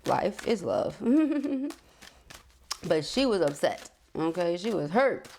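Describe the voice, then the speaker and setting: A woman's voice: lowish voice, big pitch swings, slow, vocal fry, warm tone, slight background noise. A woman giving a casual, reassuring tarot reading who talks to the listener as beloved and honey. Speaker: tarot reader.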